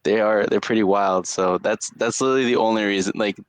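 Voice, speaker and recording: A man's voice: lowish voice, fairly even intonation, a little fast, dry recording. A young man co-hosting a casual sports podcast, rambling with lots of fillers and restarts. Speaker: podcast co-host.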